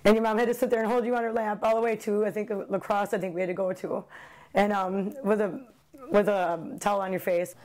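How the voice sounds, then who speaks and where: A woman's voice: medium pitch, little pitch movement, a little fast, a little mellow. A woman recounting a family accident in a documentary interview, hesitant and searching for words.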